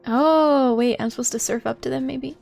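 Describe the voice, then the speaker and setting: A woman's voice: high voice, moderate pace, creaky, darkish tone, faint music behind. A woman live-streaming a video game, giggling often and chatting to her viewers as she plays. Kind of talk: live gameplay commentary.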